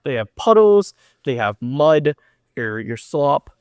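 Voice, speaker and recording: A man's voice: on the high side, big pitch swings, slow pace, darkish tone, clean tone, no echo, studio quality. A young man co-hosting a casual hobby chat, talking loosely with many fillers and restarts. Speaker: podcast co-host.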